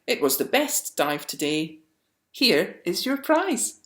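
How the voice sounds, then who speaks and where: A woman's voice: lowish voice, sing-song, slow. A woman voicing a jolly, formal man who hands out a prize in a storybook reading. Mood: hearty. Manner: hearty and formal. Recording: roomy echo.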